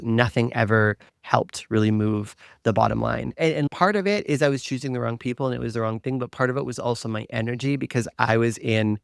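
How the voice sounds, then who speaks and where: A man's voice: medium pitch, creaky, no room sound, clean studio sound. A man hosting a podcast, telling a personal story in an earnest, confessional way, with many "like" fillers. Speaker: spiritual coach and podcast host.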